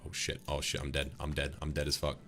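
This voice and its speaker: A man with a British accent doing live gaming commentary, joking, profane and animated. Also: extremely low pitch, fast talker, slight background noise. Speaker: streamer.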